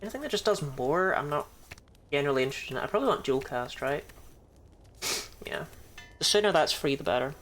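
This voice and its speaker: A woman's voice: deep voice, expressive, quick pace, pauses often. A woman with a New Zealand accent, thinking aloud and swearing casually as she streams a card game. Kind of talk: casual gaming commentary.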